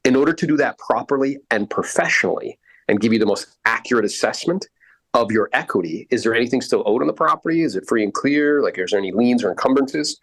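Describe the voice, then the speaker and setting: A man's voice: mid-range voice, fast, fairly bright tone. A man coaching real estate agents in a podcast conversation, blunt and profane, acting out both sides of sales calls. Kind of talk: coaching talk with acted-out sales scripts.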